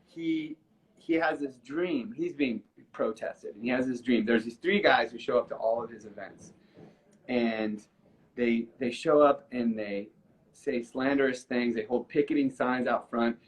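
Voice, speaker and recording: A man's voice: medium pitch, poor audio. A musician in a casual live video chat, telling a story earnestly with many restarts and fillers, getting emotional as he goes. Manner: halting, with frequent restarts and fillers. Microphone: video call from a phone or computer.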